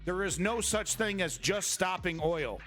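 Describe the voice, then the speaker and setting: Brief: a combative male commentary host, sarcastic and foul-mouthed, with a sharp, slightly high voice. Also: expressive, a little slow, faint music behind. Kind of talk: ranting online commentary.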